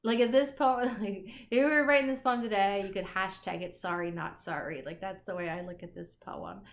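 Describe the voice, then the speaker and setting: A woman's voice: medium pitch, fairly quick. A woman teacher recording a casual lecture for an online class, enthusiastic and musing, with many fillers.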